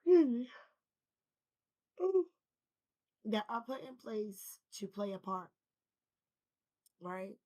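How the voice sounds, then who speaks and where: A woman's voice: mid-range voice, very animated, slow, pauses often, warm tone, poor audio. A woman feeling unwell, talking loosely and conversationally to her viewers about spiritual balance, rambling and calling them y'all. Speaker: spiritual vlogger. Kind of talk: casual spiritual talk to camera.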